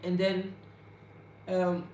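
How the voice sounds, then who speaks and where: A woman's voice: lowish voice, monotone, drawn-out words, dark tone, slight background noise. A young woman in her twenties with a Ghanaian English accent, telling her personal story to camera in a confiding, chatty way and checking in with her viewers. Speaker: vlogger. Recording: roomy echo, faint ambience.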